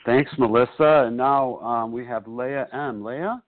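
A man's voice: mid-range voice, unhurried. Casual man chairing a phone meeting. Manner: casual, apologetic, calls names. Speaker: meeting leader. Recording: phone line.

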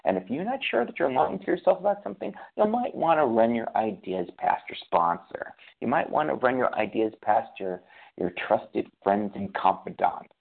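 A man's voice: mid-range voice, expressive, moderate pace, vocal fry. A man sharing about recovery in a rambling, self-correcting, conversational way. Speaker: recovery program member sharing. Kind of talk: casual spiritual recovery talk. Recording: tinny phone-like sound.

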